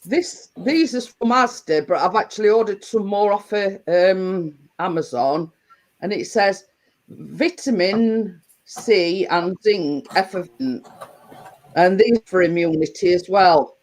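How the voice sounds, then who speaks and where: A woman's voice: mid-range voice, takes it slowly, a little mellow, rough recording. A woman hosting a casual livestream, chatting to her viewers in a rambling way with lots of restarts and fillers. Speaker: livestream host. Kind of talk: casual live chat to viewers.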